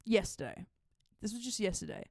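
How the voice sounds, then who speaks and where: A young Australian woman co-hosting a podcast and telling a story in casual chat. She talks in an animated way, laughs often and swears freely. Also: medium pitch, fairly quick, vocal fry, dry recording, studio quality. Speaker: podcast co-host.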